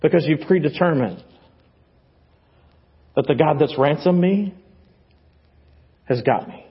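Texan man preaching in church; high, husky delivery, lively with soft emphatic drops. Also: slow pace, lo-fi sound. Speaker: pastor. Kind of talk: sermon. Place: church sanctuary.

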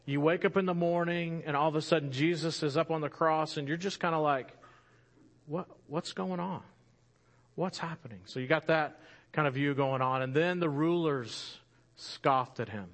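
A man preaching a sermon in an animated storytelling way, rising louder for emphasis and dropping soft and slow at key moments. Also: fairly high pitch.

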